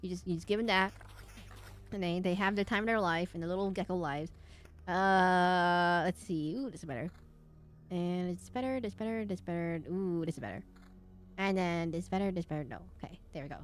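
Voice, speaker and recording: A woman's voice: fairly low pitch, a little fast. A young woman streaming a game and chatting casually, rambling off on tangents with lots of fillers and restarts. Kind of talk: casual gameplay stream chat.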